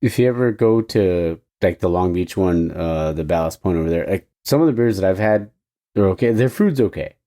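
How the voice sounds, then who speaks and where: A man's voice: sits low, lively intonation, moderate pace, warm tone. A man chatting on a podcast in a laid-back way, apologizing after he swears. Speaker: podcast guest. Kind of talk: casual podcast chat.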